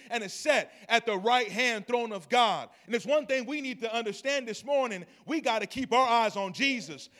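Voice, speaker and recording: A male pastor preaching a sermon in church. He tells the story in a lively way, drops into quiet asides, then rises to loud, emphatic calls and asks the congregation to respond. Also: high voice.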